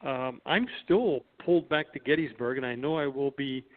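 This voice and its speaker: A man's voice: mid-range voice, moderate pace. A man, an artist guest in a radio interview, speaking reflectively, stammering and filling gaps with uh. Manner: reflective, stammers, many uhs. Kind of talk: conversational interview. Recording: tinny phone-line sound.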